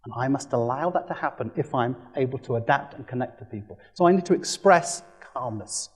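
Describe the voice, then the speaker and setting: A man giving a lively training presentation, playful and animated, acting out quick quoted voices. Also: mid-range voice, husky. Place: presentation room.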